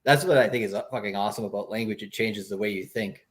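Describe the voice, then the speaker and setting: Low-voiced rambling man co-host. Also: quick pace, slight background noise. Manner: relaxed, rambling, fillers like "what do you call it". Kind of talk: casual chat.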